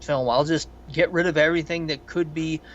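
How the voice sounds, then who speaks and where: A man's voice: on the high side, brisk, dull audio, slight background noise. Rambling, profane male podcast co-host. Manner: rambling, profane, animated storytelling. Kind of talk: casual film review chat.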